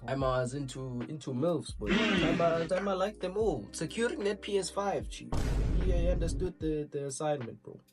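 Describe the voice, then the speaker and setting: Lively young man reacting with slang. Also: a little high, normal speed, music in the background. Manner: slangy, rambling, talks to chat. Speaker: reaction streamer. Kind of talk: casual reaction commentary.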